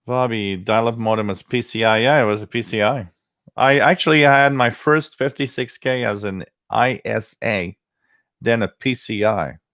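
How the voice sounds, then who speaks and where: A man's voice: mid-range voice, normal speed, fairly bright tone, dry recording, clean studio sound. A man, hosting a livestream, telling rambling stories and greeting viewers by name in casual chat. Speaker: livestream host.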